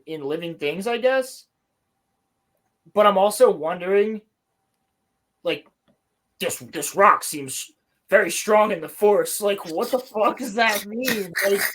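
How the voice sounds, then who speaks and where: High-voiced young man ranting, swearing. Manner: profane, animated, mocking. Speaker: podcast co-host. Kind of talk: casual show recap chat.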